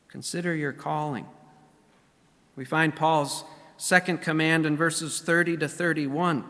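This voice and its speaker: A man with a somewhat high voice delivers a sermon as pastor. He speaks deliberately, repeating key phrases and drawing out his emphasis. His voice rings with the long reverb of a church hall. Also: a bit bright. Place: church sanctuary.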